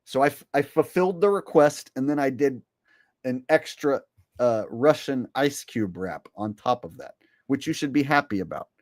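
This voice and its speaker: A man's voice: mid-range voice, lively intonation, moderate pace, dry recording, studio quality. A man hosting a casual livestream, rambling and swearing as he reads out donations. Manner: rambling and profane, with frequent fillers. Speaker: livestream host.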